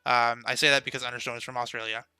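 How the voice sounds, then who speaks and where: A man's voice: mid-range voice, level tone, racing, pushed and bright, smooth, no room sound. A young man streaming a game, chatting casually with viewers and laughing often. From United States. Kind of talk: casual live-stream chat while playing.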